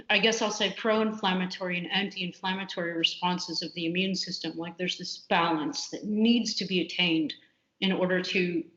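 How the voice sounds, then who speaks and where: A woman's voice: on the low side, bright, forceful tone. A woman, a computational biologist, answering interview questions in a casual way, with many fillers and restarts. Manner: frequent fillers and restarts, candid. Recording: muffled lo-fi audio in a roomy space.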